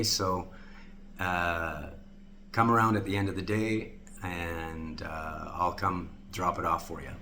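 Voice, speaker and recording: Low, bright-toned man sharing a heartfelt anecdote; acts out the quoted lines. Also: a little hiss or hum. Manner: earnest, quotes others in lively voices. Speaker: storyteller. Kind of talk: personal anecdote.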